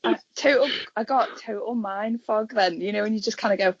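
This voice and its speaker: A woman's voice: medium pitch, brisk, dull audio. A woman from near Chester with a Liverpool accent, chatting casually on a podcast and telling stories with lots of restarts. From England (Chester area). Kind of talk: casual chat.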